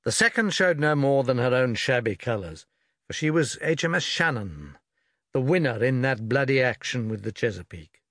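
This scripted audiobook narration features a male reader with a mid-range voice performing a novel in a measured, expressive way. The sound is studio quality, with no room sound.

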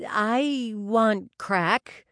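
A woman's voice: expressive, slow pace, dry recording. Lady doing a perky new blonde, squealy and flirty, dry close mic. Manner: high, giggly, flirty. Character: flirty single New Yorker woman.

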